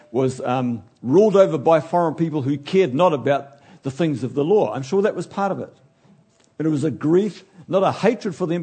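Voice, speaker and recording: A man preaching a sermon in an animated way, acting out the figures he talks about and now and then losing his place. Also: fairly high pitch, breathy edge. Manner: animated, acts out biblical figures, loses his place and laughs.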